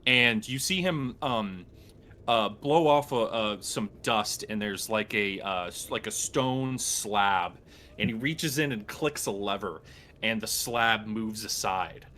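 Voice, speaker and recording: Male dungeon master, bright voice, hesitant narration, faint hiss behind. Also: fairly low pitch. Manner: halting, lots of ums and uhs. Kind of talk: narrating a tabletop game.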